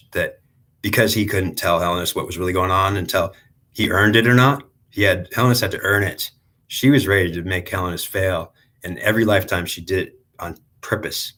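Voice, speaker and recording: Male channeler, low and husky, rambling unscripted spiritual talk. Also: a bit bright. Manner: rambling, repetitive, with restarts.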